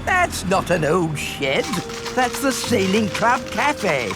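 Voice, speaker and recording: A man's voice: high-pitched, big pitch swings, takes it slowly, exaggerated voice. An actor voicing a prim, fretful older male pig in a cartoon, over cartoon music. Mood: fussy. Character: fussy older male pig, sailing club member.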